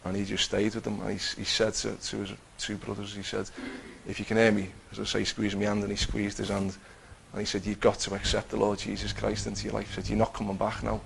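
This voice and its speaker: A man's voice: fairly low pitch, monotone, quick pace, vocal fry, few pauses, a bit bright, a little hiss or hum, rough recording. A man telling a personal faith testimony in a conversational way, acting out what he and others said. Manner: conversational, acts out his own quotes, many restarts.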